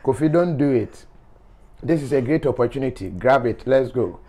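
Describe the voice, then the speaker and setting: A man's voice: mid-range voice, animated, moderate pace, mellow. Playful man reading comments. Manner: laughing, playful, teasing. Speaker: show host. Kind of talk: reading viewer comments aloud.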